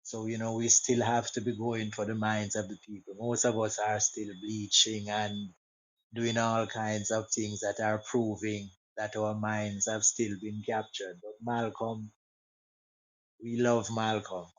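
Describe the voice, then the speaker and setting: A soft-spoken man speaks as a panel guest. His voice sits low and stays flat and even. He talks steadily, without much rise or fall. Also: measured pace, poor audio. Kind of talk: panel discussion.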